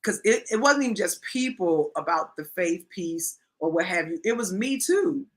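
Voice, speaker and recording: A woman's voice: lowish voice, moderate pace. A woman in her fifties, a pastor, talking candidly and emphatically as an interview guest. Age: 50s. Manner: emphatic, expressive, repeats phrases for emphasis.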